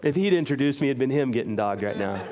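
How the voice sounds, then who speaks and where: A man's voice: mid-range voice, expressive, fast talker, darkish tone, a faint crowd. A man preaching a sermon as a pastor, talking to his congregation in an earnest, conversational way with self-deprecating humor. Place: church sanctuary. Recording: reverberant hall.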